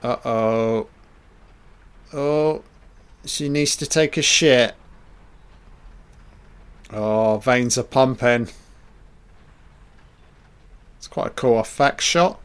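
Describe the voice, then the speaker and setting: A man's voice: mid-range voice, fairly even intonation, slow pace, pauses often, smooth. A man giving a casual, profane and sarcastic commentary over a film. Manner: profane, sarcastic riffing on the scenes.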